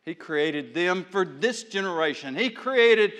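Male pastor, folksy sermon, high voice, swings loud to hushed, long hall reverb. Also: animated, unhurried.

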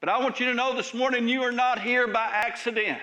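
High-voiced, bright preaching man. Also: fairly even intonation, fairly quick, highs cut off. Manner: emphatic preaching that swings between raised lines and soft, hushed drops. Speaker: pastor. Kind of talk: sermon. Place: church service.

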